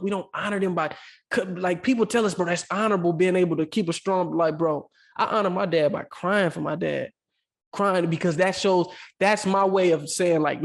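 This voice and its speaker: A man co-hosting a podcast, talking earnestly and emotionally in casual slang, calling the listener "bro" again and again. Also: sits high. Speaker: podcast co-host. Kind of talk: heartfelt casual podcast talk.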